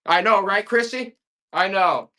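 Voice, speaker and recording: A man hosting a live auction stream, talking loosely and fast to his viewers. He rambles into folksy, worked-up rants between the items he sells, tossing out "all right?" and calling people "boy". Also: sits high, pushed and bright. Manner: folksy, calls listeners "boy". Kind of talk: casual live-selling stream chat.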